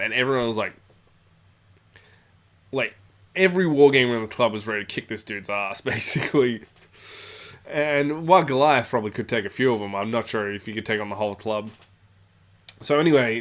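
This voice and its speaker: A man tells a long, casual story from his gaming club, wandering into asides and filling gaps with uh and you know. His voice sits at an ordinary middle pitch. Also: a bit bright. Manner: rambling, many fillers and asides. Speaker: storyteller, tabletop channel host. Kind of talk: casual anecdote.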